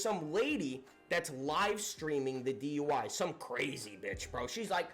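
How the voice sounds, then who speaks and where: A young man recounts a story in a loose, profane vlog style. His voice sits a little high for a man, and he talks with lively energy and frequent laughter. Faint music plays underneath. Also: moderate pace. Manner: profane, animated, laughing retelling. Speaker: storyteller vlogger. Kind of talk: casual storytime.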